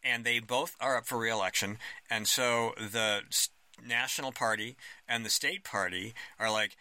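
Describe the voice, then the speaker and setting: Bright, dry-voiced male political talker. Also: on the low side, no echo. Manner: emphatic, opinionated. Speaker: talk show co-host. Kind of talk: political talk chat.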